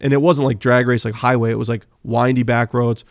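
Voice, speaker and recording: A man telling animated, profanity-laced car racing stories as a podcast guest, full of fillers. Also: medium pitch, brisk, no echo, studio quality. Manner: animated, swears freely, many fillers. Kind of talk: casual storytelling interview.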